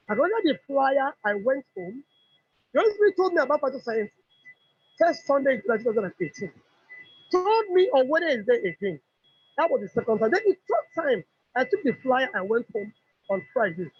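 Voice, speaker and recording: A woman's voice: high-pitched, a little fast, breathy edge. A middle-aged woman with a Nigerian English accent, telling an emotional personal testimony and acting out what others said. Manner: animated storyteller who acts out dialogue. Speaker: customer giving a product testimony. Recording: dull lo-fi recording.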